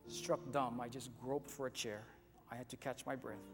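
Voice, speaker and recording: A man narrating a dramatic story in the first person, with an expressive, halting delivery. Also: medium pitch. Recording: long hall reverb with soft music.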